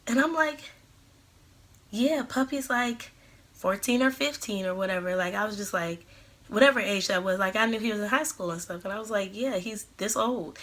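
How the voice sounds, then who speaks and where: A woman's voice: medium pitch, moderate pace, fairly bright tone. A woman of about twenty-one, telling a storytime vlog and acting out the quoted lines. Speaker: vlogger.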